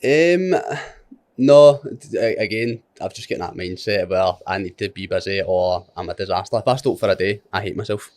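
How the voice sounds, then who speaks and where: A man's voice: sits low, moderate pace, a little mellow, no room sound. A Scottish man guesting on a podcast, chatting casually, rambling and laughing easily.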